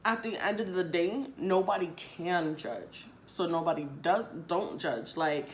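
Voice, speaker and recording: Woman tarot reader, casual and chatty, lower pitch, loose and repetitive delivery. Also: unhurried, slight background noise. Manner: chatty, repeats phrases, casual swearing, addresses viewers directly. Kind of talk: casual tarot reading to viewers.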